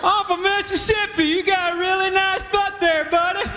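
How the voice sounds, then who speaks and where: A comedian voicing a flirtatious, brash man in a drawn-out, sing-song way, performed live on stage. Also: extremely high pitch, flat delivery, bright, forceful tone, soft background music, voice pushed up. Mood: flirty. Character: flirty, brash adult man calling to a stranger. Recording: live club with echo and crowd.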